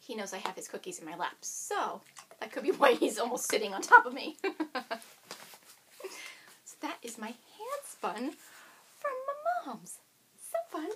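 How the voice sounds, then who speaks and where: Woman, knitting vlog host; bubbly, casual, slightly raised pitch, lively delivery. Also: normal speed, a little hiss or hum. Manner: bubbly, chatty, talks to her dog between remarks. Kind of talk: casual chat to camera.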